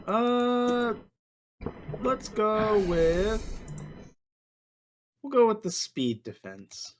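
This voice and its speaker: A man's voice: high-pitched, sing-song, drawn-out words, slight background noise. A man playing in a tabletop game, describing his character's moves in a hesitant way, with many fillers. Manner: hesitant, filler-heavy narration. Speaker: player.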